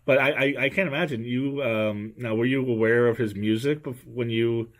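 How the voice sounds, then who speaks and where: A man's voice: medium pitch, fairly even intonation, normal speed. Man, podcast host, casual chat, rambling, joking, restarts.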